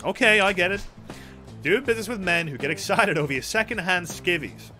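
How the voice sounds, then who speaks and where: Young brit streamer swearing n joking thru a game, very animated, bright voice. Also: male voice, high-pitched, brisk, faint music behind. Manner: sweary, playful, reads game text aloud. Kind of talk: let's play commentary.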